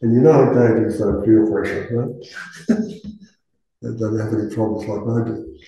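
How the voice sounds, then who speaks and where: Male meditation teacher, warm dark tone, easygoing and self-deprecating, recorded in a very reverberant hall. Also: fairly low pitch, a little slow. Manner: relaxed, conversational, self-deprecating. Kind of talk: dharma talk and guided meditation. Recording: very echoey room.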